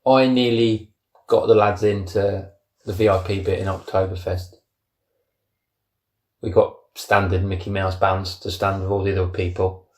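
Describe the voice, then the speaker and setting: Man, lowish voice, animated storyteller, echoey room. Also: moderate pace. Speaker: podcast co-host. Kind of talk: casual chat.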